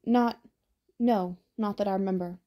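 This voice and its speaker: A woman's voice: medium pitch, fairly even intonation, measured pace, mellow, lightly acted. A woman reading the part of a confused, anxious teenage boy who stammers when pressed. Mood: uneasy.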